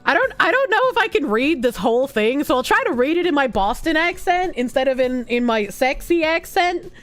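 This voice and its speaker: A young woman livestreaming, reading chat messages aloud, thanking donors and laughing often in a loose, animated way. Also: high voice, a little fast. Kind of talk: live stream chat reading.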